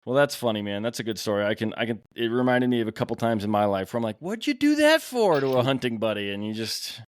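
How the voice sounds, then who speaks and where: A man's voice: medium pitch, very animated, fast talker, no room sound, clean studio sound. A man hosting a podcast in casual interview chat, easygoing and laughing along with his guest. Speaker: podcast host.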